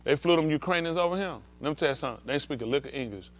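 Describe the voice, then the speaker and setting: A male pastor with a fairly high voice preaches in rapid-fire bursts, blunt and profane. He is heated and confrontational, acting out scenes with volunteers pulled from the congregation.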